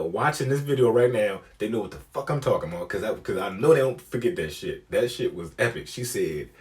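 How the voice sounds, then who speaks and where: A young man telling a comic story, profane and animated, acting out the people he quotes. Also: mid-range voice. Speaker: comedian. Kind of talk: storytelling comedy.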